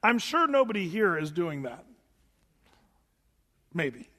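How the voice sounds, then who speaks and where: A man preaching a sermon as a pastor, conversational and animated, with casual asides. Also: high voice, slow. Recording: long hall reverb.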